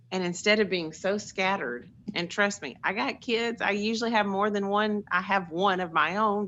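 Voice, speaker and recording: A woman's voice: mid-range voice, fairly bright tone, highs cut off, a little hiss or hum. A middle-aged woman, sharing personal stories in an earnest, chatty way on a group call. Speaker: call participant.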